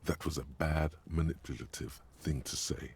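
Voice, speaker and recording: An actor voicing the gravelly inner-voice narrator of a detective game, coaching in grim, urgent second person. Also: male voice, fairly even intonation, normal speed, darkish tone, full character voice. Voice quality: deep husky rasp. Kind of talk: game voice acting.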